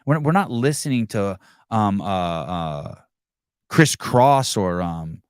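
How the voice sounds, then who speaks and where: A male podcast host in casual chat, ranting in a profane, animated way. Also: lowish voice, slow, clean tone, no echo, studio quality.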